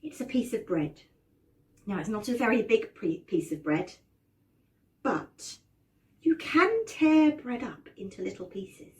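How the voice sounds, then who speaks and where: A woman drama teacher telling a children's story with animated expression and dramatic gasps, prompting her class to join in. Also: fairly high pitch, unhurried, long pauses, far from the mic.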